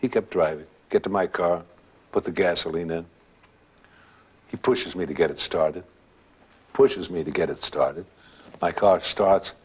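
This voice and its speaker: An older man, casually telling a personal story in a relaxed way and acting out what others said. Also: low-pitched, unhurried, long pauses, husky. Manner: relaxed storytelling, acts out voices. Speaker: guest storyteller.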